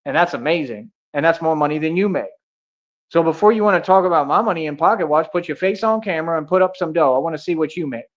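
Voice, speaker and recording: On a livestream, a male streamer with a slightly high voice rants at a quick pace, taunting and confrontational, packed with street slang. The audio is lo-fi and dull.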